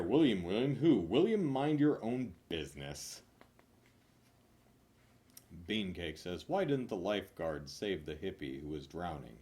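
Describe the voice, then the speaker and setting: Low-voiced man rattling off knock-knock jokes, swings up loud on punchlines, mutters asides. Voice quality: animated, jumps between loud punchlines and mumbled asides. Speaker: comedian reading jokes. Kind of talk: rapid-fire joke reading.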